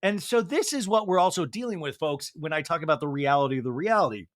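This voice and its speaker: A man's voice: fairly high pitch, lively intonation, quick pace, dry recording, studio quality. A male podcast host giving a comedic reality TV recap, mocking and profane.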